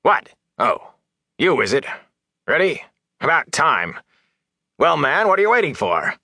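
A sullen, shifty ferryman, as a male narrator puts him on, grumbling low and sly, then snapping into high, panicky commands. The storybook figure is on edge and greedy. The recording is dry and close. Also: animated, moderate pace, dry recording, natural voice. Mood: agitated. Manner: surly muttering, then shrill nervous shouting. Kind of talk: audiobook character voice.

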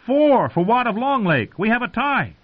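Male reader doing young joker soldier, high quippy voice, tinny lo-fi audio. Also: sing-song, normal speed, heavily acted. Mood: joking. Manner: jesting, quips lightly.

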